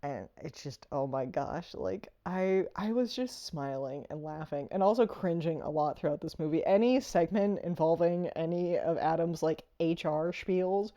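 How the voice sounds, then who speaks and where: A woman talks through a movie review in a loose, rambling way, full of fillers and frequent laughter. Her voice sits fairly low and sounds mellow and warm. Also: normal speed, few pauses, muffled recording. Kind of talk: casual spoken review.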